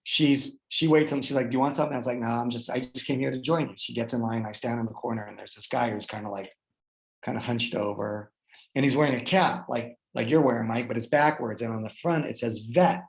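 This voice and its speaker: A man's voice: medium pitch, fairly even intonation, fast talker. A man hosting a chat, telling a personal story in an earnest, heartfelt way with lots of fillers. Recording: roomy echo.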